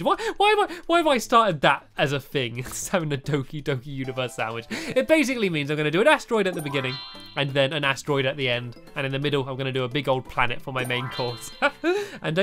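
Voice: mid-range voice, a bit bright. A let's-player giving chatty, casual gameplay commentary, laughing often and reading game text aloud in joking voices.

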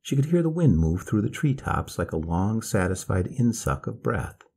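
A man reading a story aloud in a slow, measured manner. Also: on the low side, big pitch swings, gravelly, mellow, husky.

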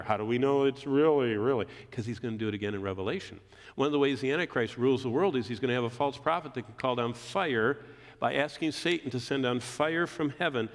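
A man preaching a sermon, walking through scripture with animated swings between loud emphatic peaks and low, quiet stresses. His voice sits at a medium pitch. A long reverb trails every line, as in a large hall. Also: gravelly.

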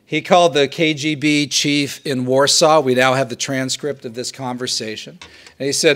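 Animated male professor lecturing students. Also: mid-range voice, normal speed. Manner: animated storytelling, acts out quotes. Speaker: political science professor. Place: live talk to a student audience.

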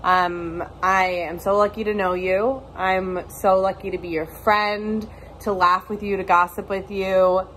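A woman in a mid-range voice talks sincerely into her phone, pausing on little fillers. A faint hiss sits under the recording. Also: mid-range voice, little pitch movement, poor audio. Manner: warm, heartfelt, with fillers. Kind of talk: video message to a friend.

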